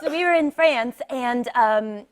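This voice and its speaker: A woman's voice: fairly high pitch, a little slow, slight background noise. A woman in her thirties, a talk show guest telling a comic story in a giggly, rambling way, full of "like" and "um". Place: TV studio.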